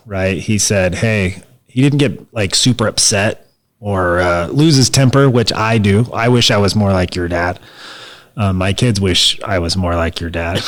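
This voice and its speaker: A man co-hosting a podcast, asking loose, self-deprecating questions. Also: lowish voice. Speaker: podcast co-host. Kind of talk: casual interview questions.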